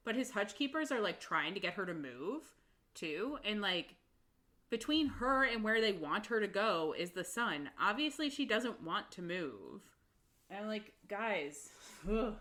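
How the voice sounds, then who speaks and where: A woman's voice: on the low side, bright, forceful tone. A woman co-hosting a podcast, recapping a book in casual chat, laughing often as she summarizes. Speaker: podcast co-host.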